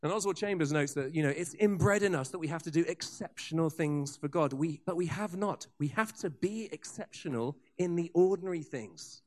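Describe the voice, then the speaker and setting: High-voiced animated male preacher. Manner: animated storyteller with asides and restarts. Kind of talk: sermon storytelling.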